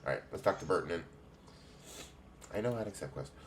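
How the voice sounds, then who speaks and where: A man's voice: low voice, lively intonation, a little fast, slight background noise. A man streaming a game, muttering wry, casual asides with some profanity. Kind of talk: casual gameplay commentary.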